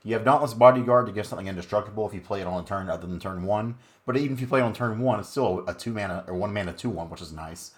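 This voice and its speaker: A man's voice: fairly low pitch, racing, few pauses. A man hosting his own channel, giving casual, laid-back commentary on a card game deck with frequent fillers.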